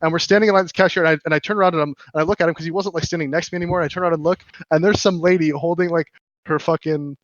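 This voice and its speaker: Fast-talking animated man telling stories. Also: fairly high pitch, no room sound, muffled recording. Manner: animated and profane, with frequent restarts. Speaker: podcast co-host. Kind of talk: casual storytelling chat.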